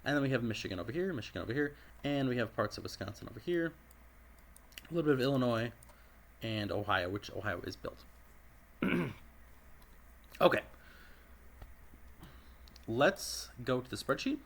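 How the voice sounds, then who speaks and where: Raspy man narrating a dispatch game. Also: medium pitch, moderate pace, long pauses. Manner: frequent throat clearing; steady, methodical narration of each call. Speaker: game commentator. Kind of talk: casual gameplay commentary. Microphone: personal desk microphone.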